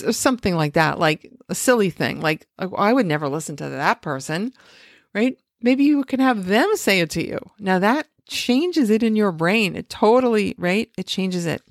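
A woman's voice: medium pitch, no echo, studio quality. A woman hosting a podcast who gives casual advice and often checks in with "right?". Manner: conversational, often asks "right?". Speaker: podcast host and coach. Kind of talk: casual instructional talk.

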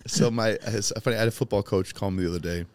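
Brief: low-voiced man from Chicago, podcast guest, emphatic and sincere storyteller. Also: quick pace. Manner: emphatic, heartfelt, swears casually. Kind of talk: personal storytelling in conversation.

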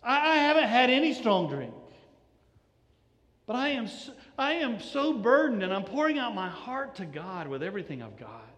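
Brief: earnest, pleading young woman, played by a man with a high voice, church reverb. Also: very animated, moderate pace, fairly bright tone, exaggerated voice.

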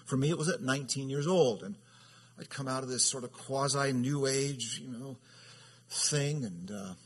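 A man's voice: mid-range voice, moderate pace, breathy edge. A man who serves as a church elder, giving a conversational sermon that rambles, restarts and keeps asking "right?". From California. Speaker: elder teaching a Bible study.

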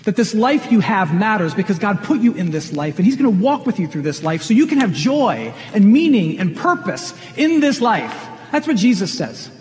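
A man's voice: high-pitched, very animated, normal speed, few pauses, a little mellow. A man preaching a sermon in an earnest, conversational way, asking his listeners questions. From Michigan. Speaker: pastor. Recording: long reverb of a large hall.

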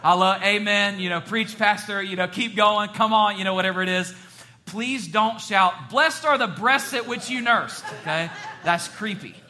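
Preaching in a church in full sermon flow, a male pastor is animated and cracks jokes at his congregation between scripture readings. His voice is high for a man, bright and forceful.

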